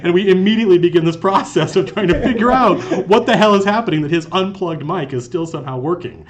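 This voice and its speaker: Over a crowd in the background, a high-voiced man talks fast as host and game master of a live stream in an office conference room. He uses a lapel mic and tells animated, rambling stories, restarting many times.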